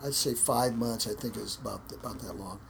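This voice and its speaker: A man's voice: fairly low pitch, fairly quick, creaky, a little hiss or hum. A man, a martial arts instructor, telling stories in a casual interview, repeating words and acting out quotes. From United States.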